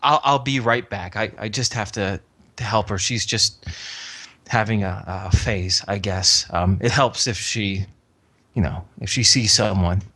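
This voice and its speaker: A man's voice: lowish voice, measured pace, sharp tone, voice pushed down, full character voice. Man voicing a wary woman caretaker. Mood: hesitant. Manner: defensive, hesitant, restarts sentences.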